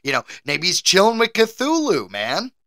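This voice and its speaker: Lively American man, bright voice. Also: sits high, normal speed, no echo. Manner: animated, laughs often, hosts the trivia game. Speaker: podcast co-host. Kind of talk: casual chat.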